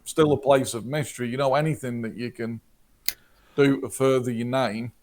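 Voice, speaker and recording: A man's voice: medium pitch, fairly even intonation, moderate pace, darkish tone, a little hiss or hum. A man narrating as game master, who often repeats words and laughs.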